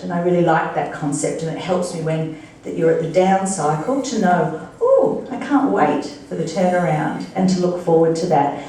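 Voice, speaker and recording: A woman delivers a lively motivational speech to a room full of people, teasing them with rhetorical questions. Her voice rings through a very echoey function room, heard from some distance away with faint room noise underneath. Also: on the low side. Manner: chatty, playful, rhetorical questions to the crowd. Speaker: guest speaker at a fundraising breakfast. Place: large function room with an audience.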